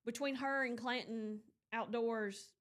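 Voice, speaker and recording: A woman's voice: on the high side, fairly even intonation, measured pace, fairly bright tone. A woman hosting a morning show, chatting casually and telling stories with lots of fillers. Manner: chatty storyteller, rambling with fillers. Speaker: radio morning show host. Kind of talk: casual on-air chat.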